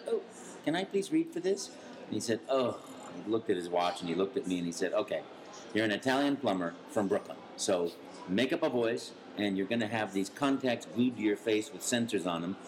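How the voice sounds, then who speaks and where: A man, a voice actor, telling an anecdote in an interview and acting out quoted voices with big leaps in pitch. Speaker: voice actor guest.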